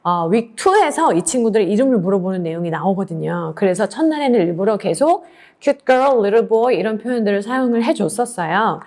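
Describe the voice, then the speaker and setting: A young woman leading a children's English demo class with exaggerated, emphatic delivery and quick cheerful praise, then briefing fellow teachers. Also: medium pitch, lively intonation, a little mellow.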